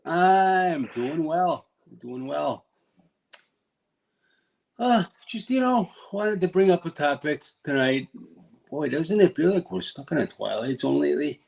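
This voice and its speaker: Gravelly New York man musing. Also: on the high side, animated, normal speed, a little mellow, poor audio. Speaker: podcast co-host. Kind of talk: casual chat.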